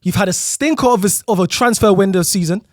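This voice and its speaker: A man's voice: high voice, fast talker, dry recording, clean studio sound. A man, co-hosting a football chat show and ranting in an exasperated, teasing way. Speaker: podcast co-host. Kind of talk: heated football rant.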